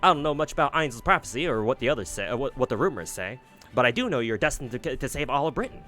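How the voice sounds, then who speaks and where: A man's voice: medium pitch, lively intonation, fast, sharp tone, faint music behind. A man voicing an eager, chipper young woman in a mock Southern accent, often tripping over the lines. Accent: mock American Southern. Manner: chipper, rambling, stumbling over words. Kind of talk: reading game dialogue aloud with voices.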